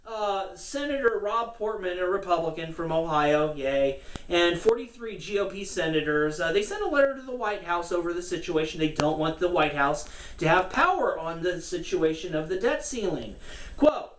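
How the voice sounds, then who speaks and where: A woman's voice: lowish voice, animated, moderate pace, distant mic. A woman giving casual, sarcastic political commentary, cursing and laughing as she rants. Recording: roomy echo, from the mic, faint noise.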